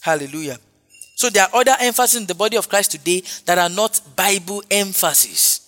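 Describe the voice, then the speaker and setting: A man's voice: sits high, expressive, a little fast, fairly bright tone. A man preaching a sermon, emphatic and repetitive, punctuated with hallelujahs. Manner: emphatic, repeats phrases, frequent hallelujahs. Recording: long hall reverb with faint music.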